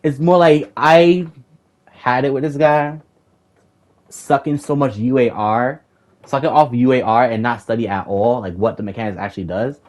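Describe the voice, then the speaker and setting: A man's voice: medium pitch, steady tone, normal speed, darkish tone. A young man telling a heated story about an argument with another player, swearing often and rambling as he repeats himself. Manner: profane, rambling, repeats himself when worked up. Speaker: gamer recounting a raid group argument.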